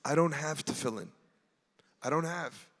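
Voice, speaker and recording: A man voicing an elderly, humble Russian man who speaks softly in halting, broken English with a Russian accent. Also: on the high side, voice pushed down. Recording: long hall reverb.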